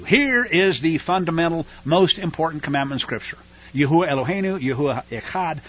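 A man preaches with heat and scorn, his high voice leaping up and down through each sentence. The tone is bright and a little husky, carried on a dull, lo-fi radio recording. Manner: fiery, emphatic, scornful. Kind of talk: radio sermon.

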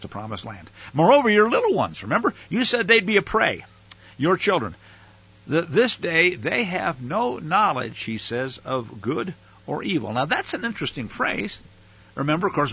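Bible teacher, male, fairly high husky voice, casual asides between verses, dull lo-fi sound. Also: bright, forceful tone. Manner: reads verses aloud, breaks in with casual slangy asides. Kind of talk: scripture reading with commentary.

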